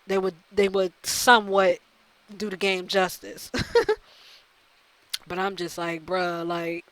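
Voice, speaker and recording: A woman's voice: lowish voice, flat delivery, takes it slowly, fairly bright tone, rough recording. A woman hosting a gaming channel, delivering a profane, exasperated rant that circles back and repeats her points. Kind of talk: ranting video commentary.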